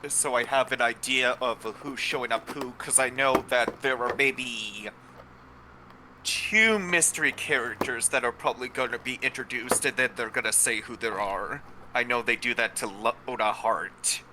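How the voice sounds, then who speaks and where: A man's voice: mid-range voice, normal speed, background noise. Rambling, jokey young man hosting a playthrough. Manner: rambling, jokey, swears freely. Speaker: let's play host. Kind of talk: casual chat over gameplay.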